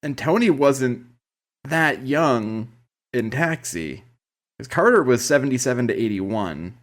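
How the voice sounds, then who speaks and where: A man's voice: mid-range voice, lively intonation, measured pace. A man in his thirties co-hosting a podcast, wryly picking apart the jokes of a sitcom episode in casual chat. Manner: analytical, wry, picks apart jokes. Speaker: podcast co-host.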